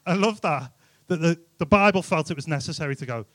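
A man's voice: fairly high pitch, lively intonation, brisk, no room sound. Chatty man preaching to youth. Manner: chatty, jokey, rhetorical questions. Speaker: youth speaker. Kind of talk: informal youth sermon.

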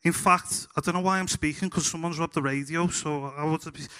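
A man's voice: on the high side, steady tone, brisk, pushed and bright, clean tone. A man with a Scouse accent voicing a flustered male astronaut radioing base in a chatty, matter-of-fact way.

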